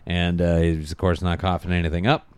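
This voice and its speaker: A man's voice: low voice, flat delivery, a little fast, a little mellow, smooth, no room sound. A man hosting a podcast, casually recapping a TV episode in a rambling, profane way. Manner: rambling, profane, laughs a lot. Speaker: podcast host.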